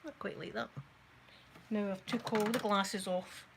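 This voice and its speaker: A Scottish woman hosting a soft-spoken ASMR makeup video, chatting to viewers and rambling through stories, sometimes dropping to a near-whisper. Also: medium pitch, fairly even intonation, a little slow, gravelly, noisy background. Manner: chatty, rambling storyteller who talks to viewers. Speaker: ASMR channel host.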